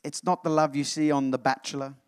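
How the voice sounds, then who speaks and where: A man preaching an animated sermon to his congregation, often calling them church. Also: a little high, fairly quick, clear, resonant tone, no echo. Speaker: pastor.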